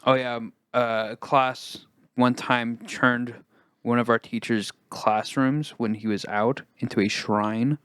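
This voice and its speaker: A man's voice: medium pitch, steady tone, takes it slowly, fairly bright tone, smooth, no echo, studio quality. A young man co-hosting a podcast, telling rambling, laughing anecdotes in casual chat. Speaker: podcast co-host.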